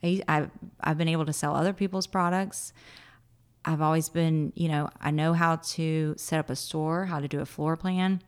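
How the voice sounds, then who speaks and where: A woman in her thirties, lower-pitched than most, tells a heartfelt story in an interview. She acts out her own past words and laughs often, her voice rising and falling with feeling. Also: fairly even intonation, moderate pace, clear, resonant tone. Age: 30s. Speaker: guest. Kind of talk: emotional personal storytelling in an interview.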